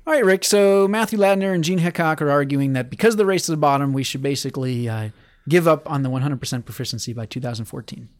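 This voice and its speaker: A man's voice: a little high, fast. A man co-hosting a podcast, bantering and teasing his co-host in casual chat.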